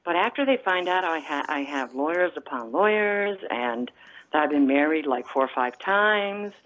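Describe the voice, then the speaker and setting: A woman caller from the Midwest with a low voice, speaking over a muffled phone line. She rambles and pauses often, filling gaps with fillers as she tells her story. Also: lively intonation, a bit bright. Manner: rambling, halting with many fillers. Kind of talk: phone-in chat.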